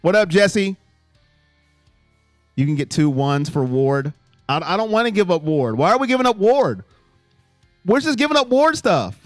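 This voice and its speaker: Animated male live-stream host, high lively voice. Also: moderate pace, long pauses, no echo, clean studio sound, soft background music. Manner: animated, jumps between low mutters and loud exclamations. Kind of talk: casual live chat reading fan comments.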